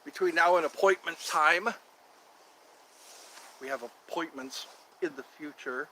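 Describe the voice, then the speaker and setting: A man's voice: a little high, measured pace, pushed and bright, slight background noise, poor audio. A man hosting a casual livestream from outdoors in the cold on his phone, rambling and repeating himself as he talks to viewers. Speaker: livestream host.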